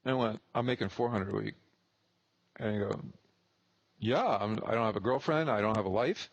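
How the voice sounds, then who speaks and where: A man's voice: medium pitch, brisk, dry recording. A man in his thirties, a real estate investor telling a blunt, profane story and acting out both sides of the dialogue. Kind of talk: casual storytelling.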